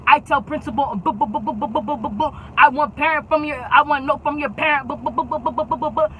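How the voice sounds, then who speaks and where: A woman's voice: high-pitched, lively intonation, a little slow, highs cut off, slight background noise, voice pushed up. A woman voicing a bossy bus driver who scolds in broken English and repeats herself. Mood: scolding.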